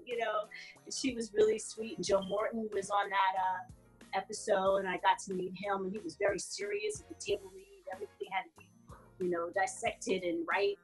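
A woman in her forties, an actress being interviewed, telling stories about her career in a relaxed, chatty way and laughing often. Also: mid-range voice, fairly quick, faint music behind. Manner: laughs often, animated storytelling. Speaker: guest actress. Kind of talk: casual interview chat.

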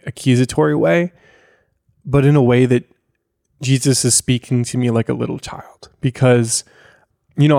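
A man co-hosting a podcast, sharing a personal faith reflection in an earnest, halting way. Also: mid-range voice, gravelly, darkish tone, no room sound, clean studio sound. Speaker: podcast co-host.

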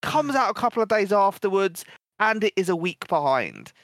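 A co-host fires off crude jokes and curses in casual banter. His voice sits a bit high. The recording is dry and close. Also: very animated, a bit bright, dry recording. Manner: crude, swearing, quick jokes. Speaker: podcast co-host.

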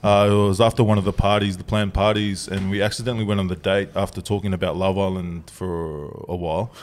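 Pitched low and a touch mellow, this young Australian co-host talks quickly in a level tone. He swaps crude stories during casual podcast banter, frequently breaking into laughter.

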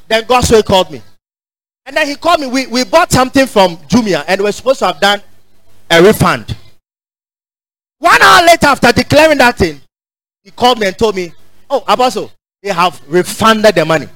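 High-voiced Ghanaian preacher, dry sound. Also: male voice, no room sound, low-quality recording. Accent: Ghanaian English. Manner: call-and-response preaching, repeats phrases, rises to shouts. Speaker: pastor. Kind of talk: sermon.

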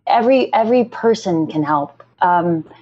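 A middle-aged woman, founder of a literacy nonprofit, speaking earnestly and tearfully with halting restarts in a podcast interview. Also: fairly low pitch, expressive, breathy edge. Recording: slightly dull lo-fi audio.

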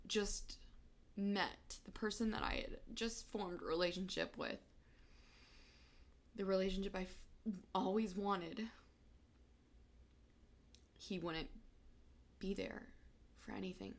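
A young woman in her twenties telling a personal story of loss, halting and fighting back tears. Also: fairly low pitch.

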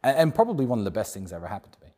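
This man speaks with a British accent in a low, slightly husky voice. He answers questions conversationally but with emphasis, leaning on repeated phrases to drive his points home. His tone stays low and a little rough. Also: wildly swooping pitch, racing, warm tone. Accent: British English. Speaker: interview guest.

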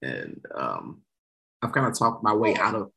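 A man with a bright, husky voice whose pitch leaps all over. He talks fast and laughs often in casual chat. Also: wildly swooping pitch. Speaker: comedian guest.

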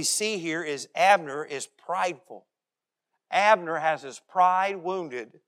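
A male pastor preaching a sermon, animated, and often acting out the voices of the people he quotes. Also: fairly high pitch, slow pace. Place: church.

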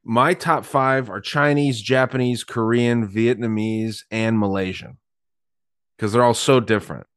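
A man co-hosts a podcast, blunt and laid-back as he chats casually. His voice is fairly low and sounds dry and close. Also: fairly even intonation, measured pace, fairly bright tone, clear, resonant tone, dry recording. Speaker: podcast co-host. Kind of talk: casual chat.

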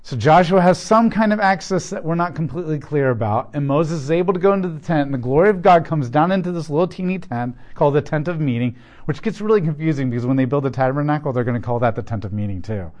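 Man teaching scripture in a higher voice. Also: expressive, quick pace, darkish tone. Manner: explains plainly with casual asides and rhetorical questions. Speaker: Bible teacher. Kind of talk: conversational Bible teaching.

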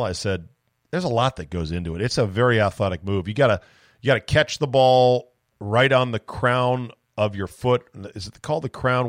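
A man hosting a solo sports podcast, telling loose, profane, animated stories close to the mic. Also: fairly low pitch, no echo. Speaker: podcast host.

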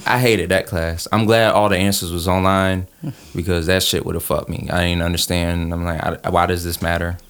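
A man with a very deep voice co-hosts a casual podcast conversation. He talks in a laid-back way, swears freely and laughs often. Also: steady tone, normal speed, a bit bright, clear, resonant tone. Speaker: podcast co-host. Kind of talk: casual chat.

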